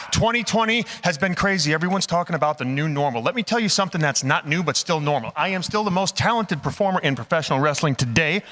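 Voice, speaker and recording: Cocky wrestler cutting a promo. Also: male voice, sits high, sharp tone, in a large hall. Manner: cocky, boastful.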